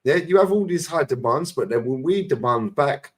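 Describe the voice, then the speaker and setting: Casting: London man, mid-pitched, blunt and sweary, podcast storyteller. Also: animated, normal speed, breathy edge. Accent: London English. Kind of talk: casual chat.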